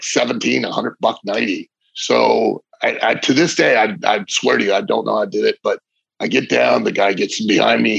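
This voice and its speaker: A middle-aged former wrestler tells a long, vivid story, with frequent restarts and loose asides. His voice is thick with gravel and sounds husky. It is recorded close and dry, with a dull, lo-fi sound. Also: mid-range voice, a bit bright, dry recording. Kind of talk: casual storytelling interview.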